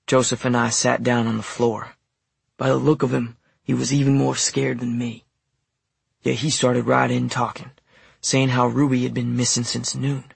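A man narrating a first-person audiobook in a quiet, low-key, even delivery. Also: vocal fry, breathy edge, no echo. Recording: dry close studio recording.

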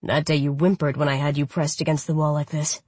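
A woman voicing a smug, confident male lover in an audiobook, with a low, sultry, teasing delivery and a husky tone. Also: flat delivery, brisk, a little mellow, no room sound.

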